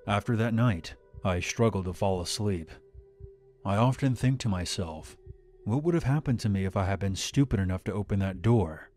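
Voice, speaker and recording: Low-voiced man narrating a horror story. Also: lively intonation, moderate pace, darkish tone, faint music behind.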